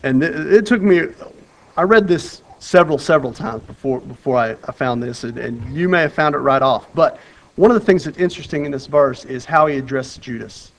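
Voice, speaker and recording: A man preaching in an earnest, conversational manner, his voice sitting a little high for a man. He often circles back and restarts his phrases. His delivery swings between loud bursts of urgency and soft, quiet emphasis. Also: brisk, slight background noise, poor audio. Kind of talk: sermon with Bible reading.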